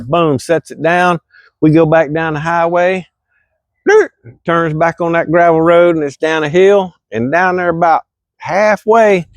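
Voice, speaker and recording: A middle-aged man with a drawl spins a yarn in a folksy, animated way. He bursts into loud exclamations at the exciting parts. His voice sits at a medium pitch, and the recording is dry and close. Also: dry recording. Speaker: storyteller vlogger. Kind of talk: casual storytelling.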